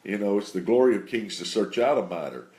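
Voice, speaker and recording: Man telling a halting faith testimony. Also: lowish voice, animated, dark tone. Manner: unhurried, halting storytelling with many fillers.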